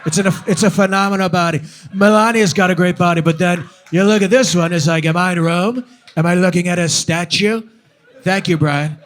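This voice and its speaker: A man's voice: high voice, fairly even intonation, fairly quick, a bit bright. A man doing an impression of a boastful older male politician, heaping on repetitive superlatives. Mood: flattering.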